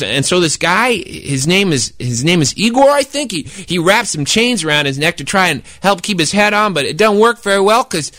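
A man's voice: a little high, sharp tone, dry recording, pitched above the performer's own voice. A man voicing a young boy who earnestly stammers through a rumor he heard from his cousin. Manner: halting, stammering with many restarts.

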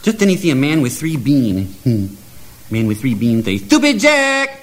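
Playful, animated male storyteller. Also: mid-range voice, normal speed. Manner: playful, chuckling, mock-broken grammar. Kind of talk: comic oral storytelling.

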